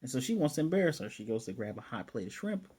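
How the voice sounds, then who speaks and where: A man's voice: mid-range voice, very animated, fast talker, darkish tone, slightly rough. A man casually recapping an anime episode in a loose, chatty way, stopping now and then to find his place. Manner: loose, chatty retelling with fillers. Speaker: anime reviewer.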